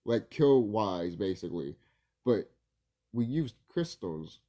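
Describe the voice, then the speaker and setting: A man's voice: lowish voice, big pitch swings, slow pace, dark tone. A man vlogging casually, rambling and swearing, laughing easily and stumbling over his words. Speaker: video creator.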